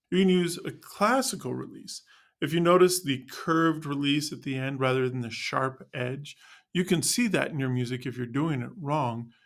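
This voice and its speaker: A man's voice: medium pitch, a bit bright. Upbeat man narrating a band lesson. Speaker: band music teacher.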